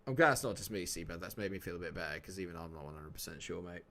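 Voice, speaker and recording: Rapid-fire and pushed, this man's low, bright voice carries a casual live-stream as he plays a game. He's chatty and jokey with his viewers, answering chat messages by name.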